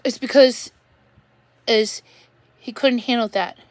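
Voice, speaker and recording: A woman venting on a livestream, rambling and halting, repeating words as she goes. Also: a little high, no room sound.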